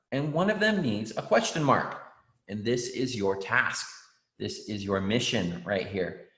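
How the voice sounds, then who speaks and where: A man teaching an online writing class for children, encouraging and reading out student answers with frequent ums. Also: mid-range voice. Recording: roomy echo.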